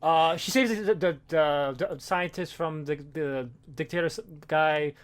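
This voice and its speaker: A podcast co-host recaps a comic in casual, rambling talk, swearing and using plenty of fillers and restarts. His voice is slightly high and clean, delivered at a measured pace.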